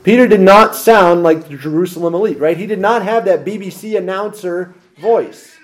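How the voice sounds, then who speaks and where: Preaching as a pastor, this man poses rhetorical questions and moves back and forth between forceful emphasis and soft asides. His voice sits high, at a moderate pace.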